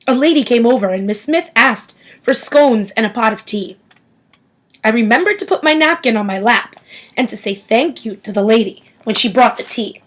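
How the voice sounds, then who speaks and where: A woman reading a novel aloud as expressive storytelling. Her voice sits a little high and rises and falls in a lively way. She brings the narration along with plenty of movement in her tone. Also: normal speed, poor audio. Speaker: audiobook reader.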